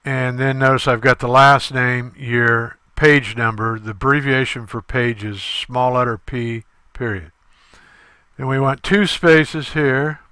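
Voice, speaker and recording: A male instructor talking through a screen-recorded tutorial step by step, halting often with fillers. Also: mid-range voice, steady tone, bright, forceful tone, clear, resonant tone, dry recording.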